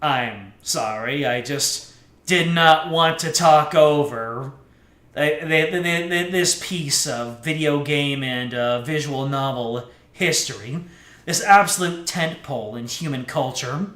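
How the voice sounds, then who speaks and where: A man's voice: fairly high pitch, takes it slowly, fairly bright tone. A man streaming a game, talking casually and self-deprecatingly with some restarts. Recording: echoey room with faint music.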